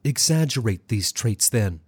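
A man's voice: lowish voice, lively intonation, unhurried, darkish tone, husky, no room sound, clean studio sound. A reader voicing a firm, encouraging woman tutor who gives commands and coaches her students. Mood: coaching.

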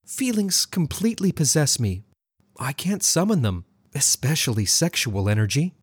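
A woman's voice: low voice, very animated, normal speed, slightly rough, dry recording, clean studio sound, voice pushed up, heavily acted. A reader voicing an anxious young woman who frets and whimpers in exaggerated fear. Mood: hesitant.

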